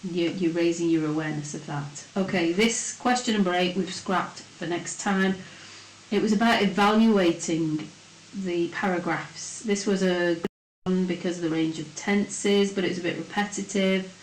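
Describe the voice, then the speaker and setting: A woman's voice: fairly low pitch, fairly even intonation, moderate pace, rough recording. A woman French teacher, going over test answers in a recorded lesson and breaking each sentence into small steps. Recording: faint hiss.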